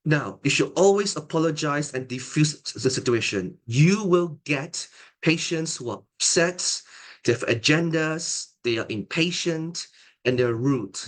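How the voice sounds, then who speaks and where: A middle-aged man teaching an online exam-preparation lecture as a tutor and examiner, calm and deliberate, often restarting his phrases. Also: a little high.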